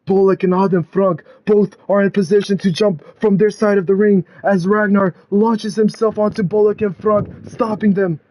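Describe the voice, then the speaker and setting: A man narrating a wrestling video game storyline in a dramatic play-by-play style, building to loud climaxes. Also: high voice, fairly even intonation, moderate pace, hardly any pauses, slight background noise.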